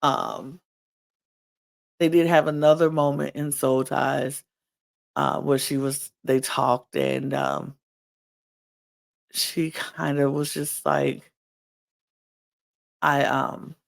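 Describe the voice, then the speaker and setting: A man's voice: mid-range voice, little pitch movement, takes it slowly, creaky, pauses often. A male podcast host chatting casually as he recaps a reality show and quotes what people said. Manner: chatty retelling full of quoted dialogue.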